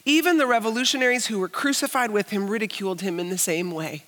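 A woman pastor preaching a sermon earnestly, moving from hushed stretches to emphatic, raised passages. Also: medium pitch, fast talker, hardly any pauses. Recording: long reverb of a large hall.

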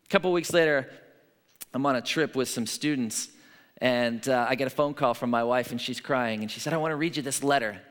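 A male pastor giving a sermon in a relaxed, conversational way, telling stories and checking in with his listeners. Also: medium pitch, brisk, in a large hall. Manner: conversational, storytelling, frequent "right?" asides.

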